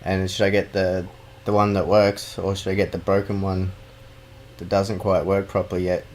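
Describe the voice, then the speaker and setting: A man's voice: low-pitched, little pitch movement, moderate pace, a little hiss or hum. A man co-hosting a gaming podcast, talking bluntly and swearing in casual banter. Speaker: podcast co-host. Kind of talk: casual chat.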